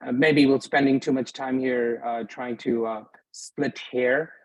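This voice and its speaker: A man's voice: medium pitch, fairly even intonation, unhurried, no echo, poor audio. Patient man teaching a beginners class. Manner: patient, checks often with students. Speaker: Arabic teacher. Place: mosque classroom.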